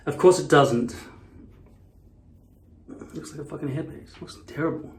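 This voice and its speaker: A man's voice: a little high, moderate pace, gravelly, long pauses. A man vlogging casually to camera, blunt and profane, wandering into rambling asides. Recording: echoey room.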